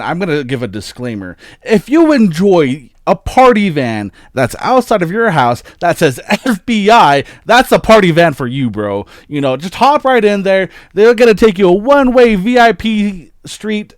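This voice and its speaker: A man's voice: sits high, big pitch swings, a little slow, dry recording, studio quality. A man ranting in a crude, joking, rambling way, full of slang and profanity, as a YouTuber. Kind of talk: edgy casual rant.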